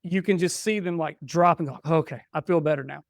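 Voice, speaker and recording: Middle-aged male guest, fairly high, smooth voice, heartfelt storyteller. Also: a little fast, no echo, clean studio sound. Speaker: podcast guest, father. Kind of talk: casual conversation, personal story.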